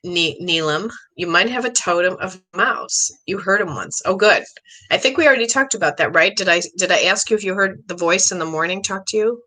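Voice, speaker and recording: A middle-aged woman hosting a live psychic reading stream, chatty and rambling, excitable, often clearing her throat. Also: lowish voice, moderate pace, few pauses, low-quality recording. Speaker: psychic medium host.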